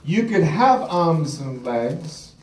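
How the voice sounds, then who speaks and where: A man's voice: fairly high pitch, sing-song, slow pace, a little mellow, distant mic, slight background noise. Man, motivational speaker, humorous storytelling, echoey event hall, faint ambience. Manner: humorous storyteller, acts out quotes with laughter. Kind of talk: live keynote speech with anecdotes.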